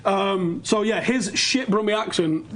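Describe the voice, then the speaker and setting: A man's voice: high-pitched, measured pace, fairly bright tone, a little hiss or hum. A man co-hosting a podcast, chatting casually, swearing freely and often trailing off and restarting his sentences. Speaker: podcast co-host. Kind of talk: casual chat.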